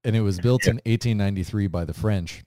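A young man with a very low voice co-hosts a comedy podcast, recounting odd news in loose, joking chat. The sound is close and dry, with no room around it. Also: fast, no echo. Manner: storytelling, swearing, laughing loudly. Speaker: podcast co-host.

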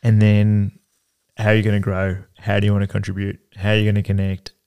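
A man's voice: lowish voice, monotone, fairly quick, vocal fry, a little mellow, clean tone. A man in his thirties co-hosting a podcast in casual chat, rambling with fillers and casual swearing. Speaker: podcast co-host.

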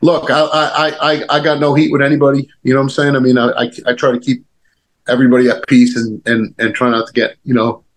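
A man's voice: medium pitch, little pitch movement, fast, low-quality recording. Rambling man in his fifties. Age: 50s. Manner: rambling, many restarts and fillers, casual swearing. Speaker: guest, former pro wrestler. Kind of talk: casual storytelling chat.

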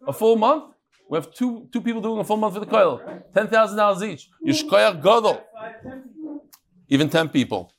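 Rabbi guy teaching talmud, jokey and animated, ribs the crowd, voice a bit on the high side. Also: normal speed. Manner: animated, teasing, addresses the audience directly. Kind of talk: Talmud lesson with joking banter.

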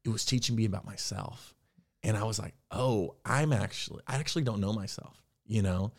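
A young man speaks candidly as an interview guest. His voice sits a bit low. He reflects, then grows animated when he acts out his own past thoughts. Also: fairly quick, creaky. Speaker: actor and podcast guest. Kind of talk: conversational interview storytelling.

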